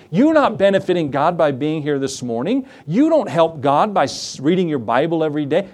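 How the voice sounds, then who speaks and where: A pastor preaches to his congregation, his fairly high voice climbing as he stretches out key words. He drops low and soft for personal asides, then builds back up. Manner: preaching with dramatic slowdowns and rising emphasis. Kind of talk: sermon.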